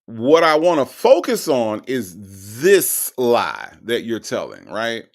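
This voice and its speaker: Male host, gravelly, animated delivery, emphatic and mocking while reading comments. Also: mid-range voice, takes it slowly. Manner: reads viewer comments aloud. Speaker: show host reacting to recorded calls.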